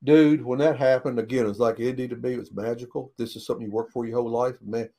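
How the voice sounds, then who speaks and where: A man's voice: medium pitch, fairly even intonation, quick pace, warm tone. A man telling old racing stories in a casual interview, folksy and plain-spoken, swearing freely and tagging "right?" onto his sentences. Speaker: guest, retired race car driver.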